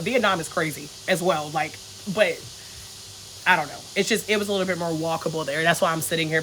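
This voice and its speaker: A woman's voice: deep voice, a bit bright, slight background noise, rough recording. A woman, chatting frankly on a phone livestream from a resort, reading comments, swearing and laughing freely. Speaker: travel vlogger on a livestream. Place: resort in Bali, outdoors.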